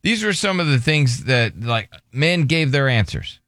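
A man's voice: mid-range voice, very animated, unhurried, a bit bright, no echo, studio quality. A man hosting a morning radio show, casually teasing his co-host and reading out listener answers. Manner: joking, teasing, prompts co-host with questions. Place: radio studio.

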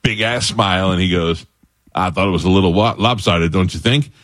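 A middle-aged man with a very deep voice tells stories in casual chat and gets animated as he goes. His pitch leaps up when he gets excited. The sound is dry and close. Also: brisk, dry recording. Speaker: guest, former sports reporter.

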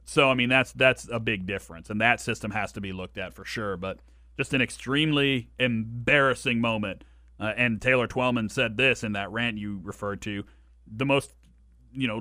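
A man's voice: medium pitch, pushed and bright, no room sound, studio quality. A man co-hosting a casual sports podcast, talking at length with frequent restarts and firm opinions. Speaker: co-host.

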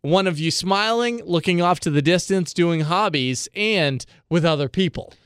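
A man's voice: high-pitched, expressive, normal speed, fairly bright tone, clear, resonant tone, no echo, clean studio sound. A man co-hosting a podcast, chatting casually in a hesitant, self-deprecating way with frequent restarts. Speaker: podcast co-host. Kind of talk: casual chat.

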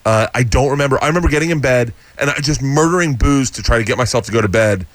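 A middle-aged man spinning a story at a rapid clip, slipping into the voices of the people in it. His pitch sits in an ordinary middle range. He is a comedian guest on a talk show. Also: no echo. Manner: animated storyteller, acts out quotes. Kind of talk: storytelling in casual chat.

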